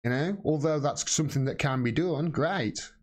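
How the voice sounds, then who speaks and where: A man's voice: fairly high pitch, moderate pace. A man hosting a live stream, answering viewer questions in blunt, impassioned casual talk and swearing freely.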